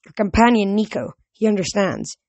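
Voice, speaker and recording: A woman voicing an ancient, fading nature god who speaks slowly and solemnly. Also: medium pitch, expressive, a little mellow, dry recording. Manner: slow, solemn, forlorn.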